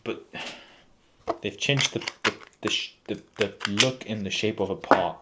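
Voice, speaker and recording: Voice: mid-range voice, measured pace. A live-stream host chatting casually while assembling a kit, grumbling and bantering. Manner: exasperated muttering and joking banter. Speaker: livestream host building a 3D printer. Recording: noisy background.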